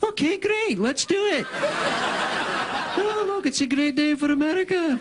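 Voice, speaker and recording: A man doing an exaggerated impression of an excitable Scottish male talk-show host, in a put-on Scottish accent and a giddy, sing-song manner. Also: extremely high pitch, takes it slowly, voice pushed up, exaggerated voice. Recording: loud background noise.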